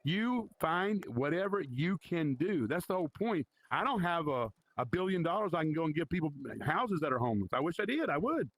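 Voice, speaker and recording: A man's voice: on the high side, very animated, fairly quick, few pauses, a bit bright, dry recording. A man leading an informal Bible study in a virtual reality church, talking conversationally and challenging his listeners.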